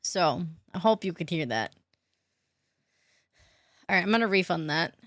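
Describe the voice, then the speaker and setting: This woman's voice is on the low side, expressive and unhurried, captured cleanly with no room sound. She's streaming a game from her room at home, greeting viewers by name in casual chat, laughing a lot and cursing offhandedly.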